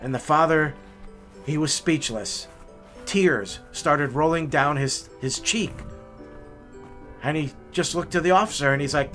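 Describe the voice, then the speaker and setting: A man's voice: fairly high pitch, measured pace, long pauses, faint music behind. A man telling a heartwarming story in a casual, folksy way as the host of a hiking video. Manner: folksy, repeats words, animated telling.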